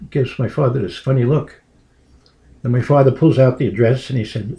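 Brooklyn-raised man recounting family history, halting and full of fillers. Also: medium pitch, mellow. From Brooklyn, New York. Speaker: interviewee. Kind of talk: oral history storytelling.

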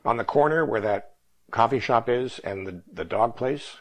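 A man's voice: medium pitch, poor audio. A man in his seventies from Northern California, reminiscing in a rambling oral history interview. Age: 70s. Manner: fast, rambling reminiscing with restarts.

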